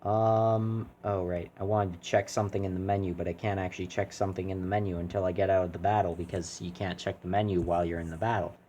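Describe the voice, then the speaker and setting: A man's voice: deep voice, little pitch movement, fast talker, hardly any pauses, mellow, slight background noise. A man streaming a video game, chatting casually and rambling as he keeps interrupting himself to talk to his chat. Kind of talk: casual live-stream commentary.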